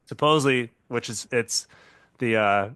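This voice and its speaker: A man's voice: medium pitch, measured pace, bright, forceful tone, clear, resonant tone, no room sound, clean studio sound. A male podcast host with a mixed Southern Californian and Pacific Northwest accent, talking casually and hesitantly, often restarting and laughing easily. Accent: Southern Californian and Pacific Northwest blend. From US West Coast.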